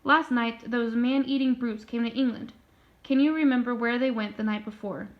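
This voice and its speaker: A woman voicing a brisk, commanding queen in a storybook reading, speaking loudly and firmly. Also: on the high side, steady tone, lightly acted. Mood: regal. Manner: loud, firm. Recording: dull lo-fi recording.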